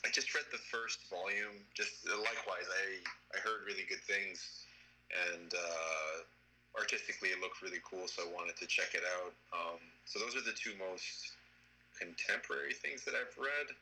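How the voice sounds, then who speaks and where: A man being interviewed as a guest, answering in a relaxed, thoughtful way with many hesitations over a video call. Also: deep voice, normal speed, a little hiss or hum, low-quality recording. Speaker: guest, storyboard artist. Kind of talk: casual interview chat.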